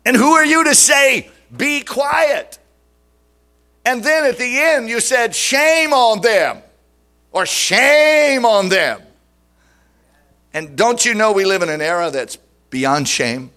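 A man's voice: high-pitched, animated, slow, pauses often, sharp tone, voice pushed up, heavily acted. A preacher mimicking an outraged churchgoer man. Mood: indignant. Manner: huffy, incredulous, mocking questions. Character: indignant offended modern churchgoer man.

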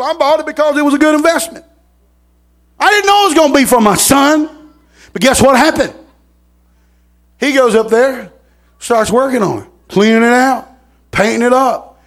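A middle-aged man, preaching a sermon in a folksy storytelling manner, repeating words and rising to shouts. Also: very high-pitched.

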